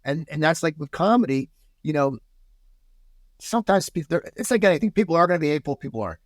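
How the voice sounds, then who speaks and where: Animated American man telling stories. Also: fairly high pitch, quick pace, no echo, clean studio sound. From United States. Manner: animated storyteller, many restarts. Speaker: podcast guest. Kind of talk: casual podcast chat.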